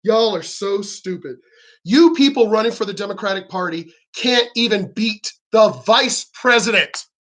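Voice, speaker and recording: Angry vlogger, profane, sarcastic, mid pitch. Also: normal speed, fairly bright tone. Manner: profane, heated, sarcastic, mocks opponents in quoted voices. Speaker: political vlogger. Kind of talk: angry ranting commentary.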